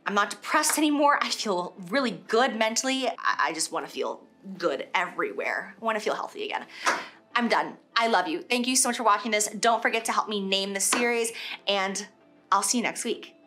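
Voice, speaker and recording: A woman's voice: mid-range voice, animated, a little fast, pushed and bright. A woman vlogging in a gushing, confessional way, emphatic about how she feels. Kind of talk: personal vlog talk.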